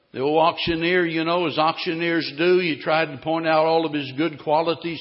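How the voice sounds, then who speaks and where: Dramatic preacher in a reverberant church. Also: male voice, a little high, normal speed, few pauses. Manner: dramatic, swings between loud and hushed. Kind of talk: sermon with storytelling. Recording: dull recording, long hall reverb.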